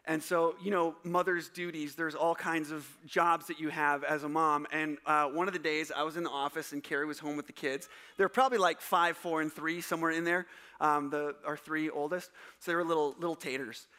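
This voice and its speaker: A man from Wisconsin, a pastor preaching a casual sermon to a live congregation, joking and telling stories in an animated way. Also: a little high, a little fast. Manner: jokey, animated, teasing the congregation. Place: church service before a live congregation.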